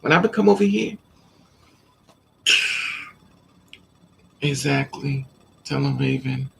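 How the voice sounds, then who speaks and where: Gravelly-voiced woman chatting with viewers. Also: extremely low pitch, animated, drawn-out words, a bit bright, slight background noise. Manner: chatty storytelling, addresses viewers directly. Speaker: vlogger. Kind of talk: casual livestream chat with viewers.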